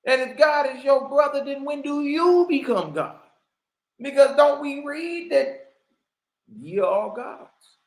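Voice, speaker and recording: A man with a notably high voice holds forth in slang, hammering home points with rhetorical questions. His casual commentary slides into a preacher's delivery. The sound is roomy and echoing. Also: lively intonation, measured pace. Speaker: online commentator and religious teacher.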